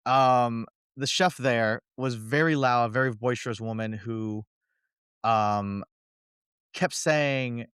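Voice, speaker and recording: A man's voice: mid-range voice, slow pace, a bit bright, clear, resonant tone, no room sound, clean studio sound. A man from Kentucky co-hosting a podcast, telling wry, laid-back stories in casual chat. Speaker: podcast co-host.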